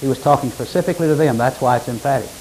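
A man preaching a sermon, reading scripture aloud and explaining it, with sudden emphatic rises in pitch and loudness. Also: rapid-fire, a little hiss or hum, rough recording. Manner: emphatic, rising to sudden loud peaks.

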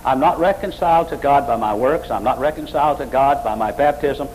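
A man preaching a sermon with emphatic, repetitive phrasing, climbing higher and louder as he mocks emotional worship. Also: brisk, a little hiss or hum, rough recording. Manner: emphatic, repetitive, rises high when mocking emotional worship.

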